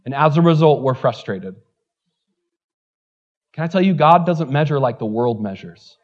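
A man preaching a sermon as pastor, animated, swinging between loud exclamations and quieter asides. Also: medium pitch, moderate pace, lo-fi sound.

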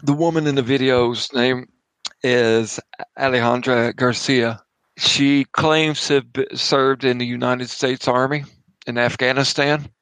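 A man narrates a tabletop horror game as its game master, his voice gravelly with a rough fry. He talks casually and in halting bursts, restarting sentences and adding asides. The sound is close and dry. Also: mid-range voice, fairly even intonation, a bit bright, no room sound, poor audio. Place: home.

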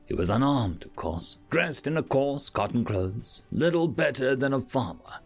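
A man's voice: medium pitch, normal speed, creaky, soft background music. A man narrating sci-fi and fantasy short stories as a podcast reader. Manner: expressive reading. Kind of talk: audiobook story narration.

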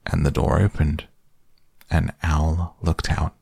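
A man reading a children's storybook aloud, slow and measured. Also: very deep voice, level tone, vocal fry, darkish tone, slightly rough, no room sound, clean studio sound.

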